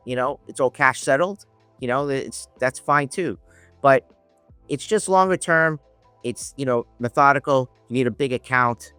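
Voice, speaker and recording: A man's voice: mid-range voice, sharp tone, no room sound. Man telling a rambling trading story. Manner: rambling, many restarts, acts out quoted dialogue. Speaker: podcast guest, options trader. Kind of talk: casual conversational storytelling.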